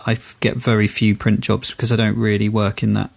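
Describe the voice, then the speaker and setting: A man's voice: lowish voice, flat delivery, brisk, creaky. A man co-hosting a podcast, chatting casually and rambling with lots of restarts and fillers. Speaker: podcast co-host. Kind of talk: casual chat.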